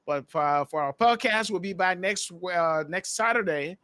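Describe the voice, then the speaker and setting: A male podcast host from Liberia, closing the show with announcements and thanks, halting with many fillers. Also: high-pitched, sharp tone, clean tone, dry recording, clean studio sound.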